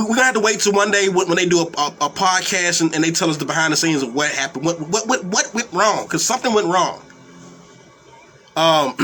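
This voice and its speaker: A young man with a high, bright, forceful voice rants heatedly about wrestling, cursing freely and tripping over repeated words. Faint room ambience sits behind him. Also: a little hiss or hum. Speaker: wrestling commentary host. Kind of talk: profane live-stream rant.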